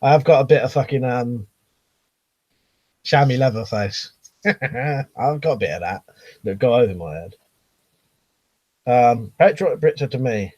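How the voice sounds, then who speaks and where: A man's voice: medium pitch, expressive, unhurried, long pauses, darkish tone, no room sound, dull audio. A man chatting casually on a live stream, rambling with lots of ums and restarts and reading viewer comments aloud.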